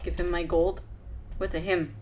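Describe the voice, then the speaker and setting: A woman's voice: on the low side, flat delivery, moderate pace, darkish tone, a little hiss or hum. A woman casually commenting on an old adventure game as she plays and reads its text aloud. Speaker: let's play gamer. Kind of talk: casual let's play commentary.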